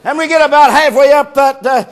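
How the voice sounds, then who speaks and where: Brisk and drawling, a strikingly high-voiced preacher spins a folksy, homespun story in his sermon. He delivers it loosely before rising into shouting.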